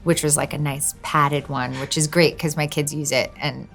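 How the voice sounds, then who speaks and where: A woman with a low, gravelly voice chats easily as an interview guest and laughs often. Faint music plays behind her. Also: fairly even intonation, normal speed, fairly bright tone. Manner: laughs often, light and chatty. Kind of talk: casual chat.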